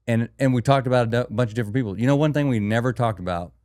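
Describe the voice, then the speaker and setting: A man hosting a podcast interview, talking in an earnest, emphatic way and slowing down to stress key words. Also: mid-range voice, a little mellow, no echo, clean studio sound. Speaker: podcast host. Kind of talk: casual interview chat.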